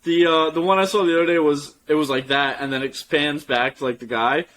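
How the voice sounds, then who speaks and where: A young man co-hosting a podcast in casual chat, laid-back, slangy and quick to laugh. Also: a little high, steady tone, fairly bright tone, poor audio. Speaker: podcast co-host.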